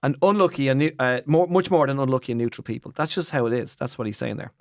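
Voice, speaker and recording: An Irish man co-hosting a podcast in casual chat, animated and jokey, rambling with restarts. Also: mid-range voice, quick pace, dry recording, clean studio sound. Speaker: podcast co-host.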